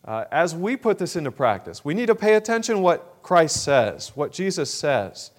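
Slightly high-voiced man preaching a sermon. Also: very animated. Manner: measured, with frequent fillers and throat clearing.

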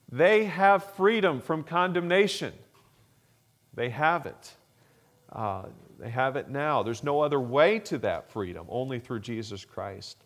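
A man's voice: a little high, a bit bright. A male pastor preaching a sermon, explaining scripture with rising emphasis and frequent uh fillers.

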